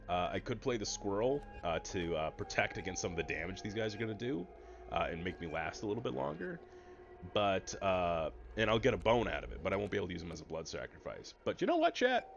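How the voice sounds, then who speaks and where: Brief: male streamer, low voice with lots of swing, headset mic, slightly dull stream audio. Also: fairly bright tone, slight background noise. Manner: chatty, explains rules to chat. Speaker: gaming streamer. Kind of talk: casual let's-play commentary.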